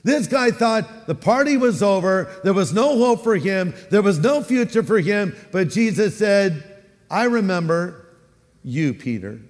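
A man with a Californian accent preaching a sermon as a pastor, animated and acting out the voices he quotes. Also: on the high side, in a large hall.

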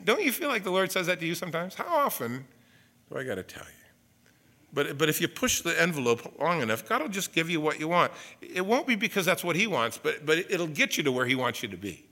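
Lively, bright-voiced male preacher. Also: sits high, fast, few pauses. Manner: animated preaching with asides and acted-out quotes. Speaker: pastor. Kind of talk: sermon.

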